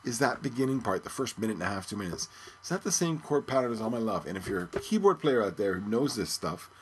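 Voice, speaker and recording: A man's voice: fairly low pitch, sing-song, fast, slight background noise. A man hosting a podcast, thinking aloud in casual music commentary. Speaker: podcast host.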